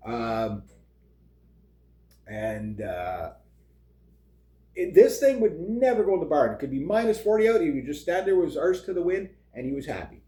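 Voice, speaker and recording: A middle-aged man talks in a loose, meandering way, scattering fillers and chuckling asides as he goes. His voice is mellow and on the dark side. The room around him carries a noticeable echo. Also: on the high side, very animated, moderate pace, pauses often. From Canada. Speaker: vlogger. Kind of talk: rambling casual monologue. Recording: roomy echo.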